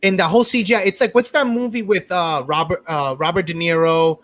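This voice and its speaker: A man hosting a casual group review chat, animated and fond of restarting his sentences. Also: high voice, fairly quick. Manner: animated, talks over others, many restarts. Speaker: podcast host.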